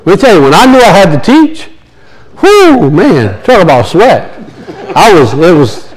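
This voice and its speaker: A man's voice: high-pitched, wildly swooping pitch, a little slow, slightly rough, poor audio. A man, preaching a sermon in a folksy storytelling way and acting out the voices in his stories. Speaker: pastor.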